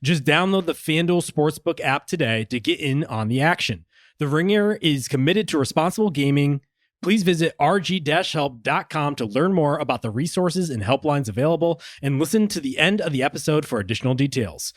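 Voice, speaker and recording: A man reading a sponsor ad in a polished, fast, scripted announcer manner. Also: fairly high pitch, expressive, no room sound, studio quality. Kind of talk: scripted ad read.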